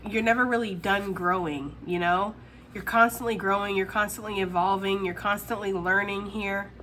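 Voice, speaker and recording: A woman's voice: medium pitch, sharp tone, slight background noise. A woman giving a casual tarot reading straight to the viewer, chatty and laughing often. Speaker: tarot reader.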